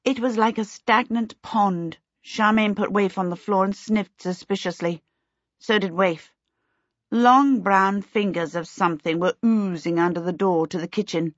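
A woman reading a children's storybook aloud in a measured, expressive way. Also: on the low side, dry recording, muffled recording. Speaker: audiobook narrator. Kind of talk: scripted storybook narration.

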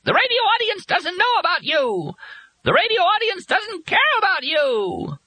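A man narrating a storybook and voicing a furious giant male bird creature that scolds and shrieks in a husky, very high voice. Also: wildly swooping pitch, moderate pace, bright, forceful tone, heavily acted. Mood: shrieking. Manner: ranting, scolding, shrill.

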